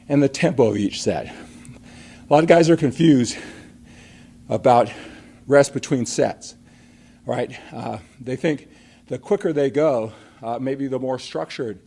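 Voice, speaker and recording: A man's voice: mid-range voice, creaky, mellow, husky. A middle-aged man hosting a live workout stream, coaching emphatically and asking rhetorical questions, a little out of breath after a set. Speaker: fitness coach and live show host.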